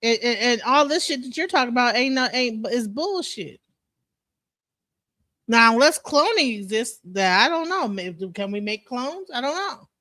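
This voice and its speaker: A woman with a bright, sharp voice talks bluntly and mockingly, swearing as she ridicules the others. The sound is dry and close to the mic. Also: fairly high pitch, expressive, normal speed, dry recording. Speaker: panel participant. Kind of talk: heated online panel debate.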